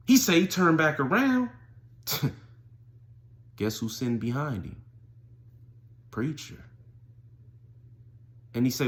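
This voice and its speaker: A man casually retelling a prison story in street slang, often rising loud when the story heats up. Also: medium pitch, a little slow, pauses often. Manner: street slang, animated retelling, voices quotes. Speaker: storyteller vlogger.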